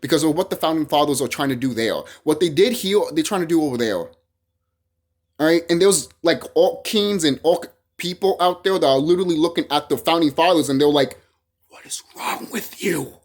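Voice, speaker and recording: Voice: medium pitch, lively intonation, a little fast. A vlogger delivering a heated, profane monologue to camera, often repeating phrases and restarting sentences.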